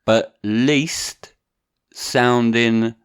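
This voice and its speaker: A man's voice: medium pitch, fairly even intonation, very slow, clear, resonant tone. A man co-hosting a podcast, chatting casually and animatedly, slangy and prone to restarts. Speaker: podcast co-host.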